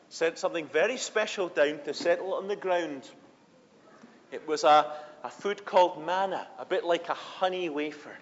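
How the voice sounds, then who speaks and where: A man's voice: on the high side, big-room sound, highs cut off. A man preaching as a storyteller, retelling a Bible story in a children's sermon and acting out the grumbling crowd.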